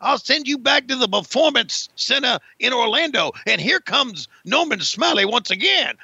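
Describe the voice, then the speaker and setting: A man's voice: extremely high pitch, sing-song, moderate pace, creaky, bright, forceful tone, breathy edge, dry recording, pitched above the performer's own voice, full character voice. A man voicing a boastful Southern wrestler who trash-talks his opponent in a put-on drawl, on a dull lo-fi recording. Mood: taunting.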